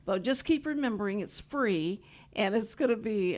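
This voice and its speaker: A woman's voice: on the high side, moderate pace, hardly any pauses, darkish tone. A woman from Houston hosting a talk show, rambling and laughing often as she chats with guests. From Houston, Texas. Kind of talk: casual chat. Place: radio studio.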